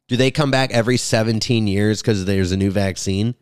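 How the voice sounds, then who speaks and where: A man's voice: on the low side, brisk, hardly any pauses, clear, resonant tone, no echo, studio quality. A comedian rambling crudely through a casual podcast monologue, recorded in his garage. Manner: rambling, crude, self-interrupting. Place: home garage.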